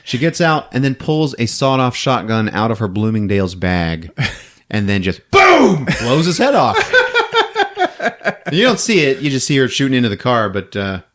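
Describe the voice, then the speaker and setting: A man hosting a podcast, recapping a movie as an animated storyteller who laughs often. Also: medium pitch, normal speed. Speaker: podcast host.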